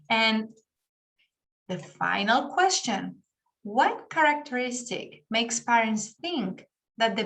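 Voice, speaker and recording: Woman, native Spanish speaker, teacher on a video call, higher voice, unhurried patient explaining. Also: a bit bright. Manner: patient, explains with spoken examples. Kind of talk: online class lecture.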